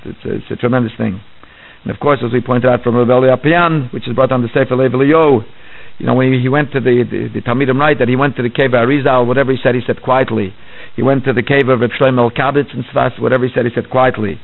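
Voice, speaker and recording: A man's voice: medium pitch, fairly even intonation, fast talker, gravelly. A man giving a religious study lecture, explaining earnestly and weaving many Hebrew terms into his English. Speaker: Torah teacher. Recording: tinny phone-line sound.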